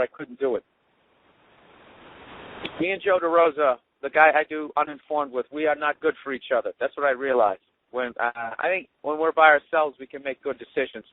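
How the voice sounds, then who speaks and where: A man's voice: a little high, dry recording. A man hosting a podcast, riffing alone in a profane, sarcastic ramble while he drives. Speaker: podcast host. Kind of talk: rambling solo monologue. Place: in a car while driving. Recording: tinny phone-like sound.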